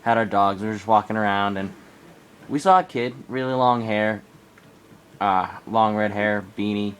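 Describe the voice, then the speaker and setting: A man's voice: moderate pace, smooth. A teenage man from Arizona with a cold, telling a rambling camping story in a casual vlog. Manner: rambling, animated in quoted bits. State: coming down with a cold. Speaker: vlogger. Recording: faint background ambience, low quality.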